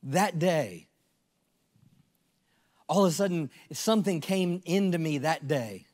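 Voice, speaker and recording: A man in his fifties preaches his testimony from the pulpit with a high voice. He builds passion through repetition, rising loud and then dropping to a hush. His words trail off into a long church reverb. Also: lively intonation, takes it slowly. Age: 50s. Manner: impassioned, repetitive preaching that swings between loud and hushed. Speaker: pastor. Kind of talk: sermon testimony.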